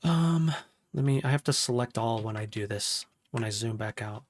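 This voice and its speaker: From his home studio, a man casually live-streams a walkthrough of his music session, greeting chat and humming parts while he works. His voice is medium-pitched and his speed is normal.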